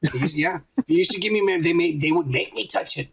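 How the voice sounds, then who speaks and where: A man's voice: a little high, fast, vocal fry, a little hiss or hum, rough recording. A man co-hosting a podcast, recapping an episode in rambling, profane casual chat and acting out quotes. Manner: crude, rambling, acts out quotes. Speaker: podcast co-host.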